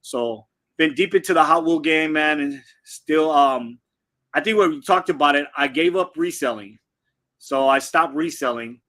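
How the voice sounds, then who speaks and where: Bright, giggly, rambling man. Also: a little high, normal speed. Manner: laid-back, rambling, many ums, giggly. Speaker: guest. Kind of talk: casual livestream chat.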